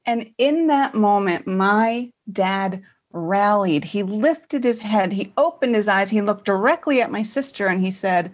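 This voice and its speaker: A woman's voice: medium pitch, unhurried. A woman in her forties, from New Jersey, telling stories as a guest in a casual chat with a wry, dry delivery.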